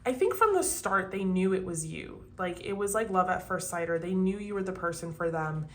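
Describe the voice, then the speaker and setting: A woman's voice: lowish voice, lively intonation, fairly quick. A young woman doing a casual tarot reading at home, chatty and swearing freely, sniffling from allergies. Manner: chatty and swearing, talks to viewers. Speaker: tarot reader. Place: home, kept quiet for sleeping child.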